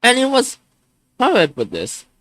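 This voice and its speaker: A man's voice: very high voice, huge pitch swings, normal speed, pushed and bright, no room sound. A young man in his twenties venting on a live stream, frustrated and swearing, often stumbling and restarting his sentences.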